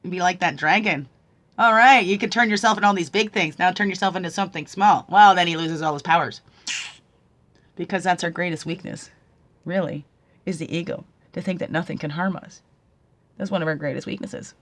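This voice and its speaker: Soft-spoken woman giving a spiritual card reading. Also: lowish voice, normal speed. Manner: soft-spoken, musing, often asking "right?"; swings from hushed to emphatic when preaching. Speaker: spiritual guide and card reader.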